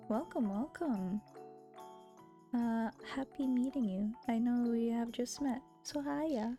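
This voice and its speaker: A woman's voice: fairly high pitch, slow, dark tone, soft background music. A young woman streamer chatting casually and giggling while she voices a visual novel. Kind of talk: casual stream chat and voice-through.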